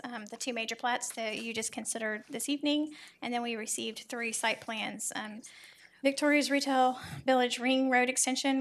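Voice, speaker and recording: A woman on city planning staff presenting a report at a public meeting, measured and full of ums. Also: on the high side, a bit bright. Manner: measured, with frequent ums and uhs. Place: city council chamber.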